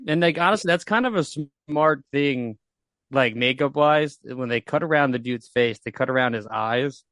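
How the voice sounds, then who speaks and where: Sex: man. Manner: animated film buff, laughs often. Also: mid-range voice, normal speed, no echo, studio quality. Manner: animated, laughs often, points out shots and effects. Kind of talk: casual film discussion.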